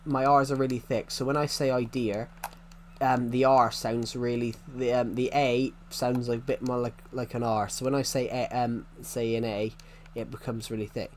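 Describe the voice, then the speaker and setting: This young UK streamer speaks in a mid-range voice with little pitch movement, keeping a moderate pace with hardly any pauses, and there's slight background noise. He has a strong regional British accent with heavy R sounds, rambling casually and self-correcting as he responds to chat on the fly.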